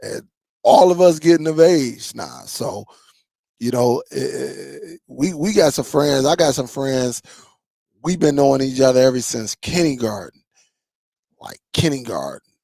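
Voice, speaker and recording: A man's voice: medium pitch, lively intonation, measured pace, gravelly, dark tone, no echo, studio quality. A man hosting a streaming tech channel, chatting loosely with his viewers in a rambling way and laughing often. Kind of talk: casual livestream chat with viewers.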